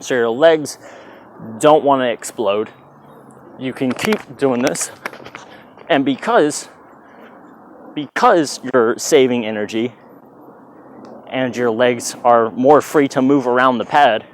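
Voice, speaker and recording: Outdoors in hot weather, a dance instructor gives a loose, chatty tutorial, counting out moves with "bah" sounds. His mid-range voice is slow with long pauses, and he sometimes steps away from the plugged-in mic amid slight background noise.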